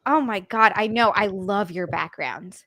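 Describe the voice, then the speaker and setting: A woman hosting a casual live stream, reading out chat and gushing with excited thanks. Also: medium pitch, unhurried, dry recording, studio quality. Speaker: streamer host.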